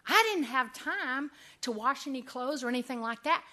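A woman speaking to an audience, giving a humorous faith testimony as an animated storyteller who laughs often. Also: high-pitched, moderate pace. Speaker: women's ministry speaker.

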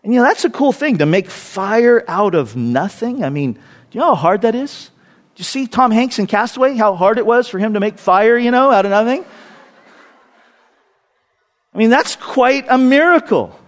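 Man, pastor, high voice, sermon, punchy then dropping to a whisper. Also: lively intonation, a little fast. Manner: dynamic, swings from loud emphasis to hushed whispers.

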